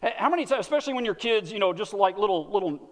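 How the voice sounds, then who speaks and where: A man's voice: high voice, animated, very fast. A man with a Texan accent preaching a sermon in a folksy, earnest way, often repeating words as he speaks. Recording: long hall reverb.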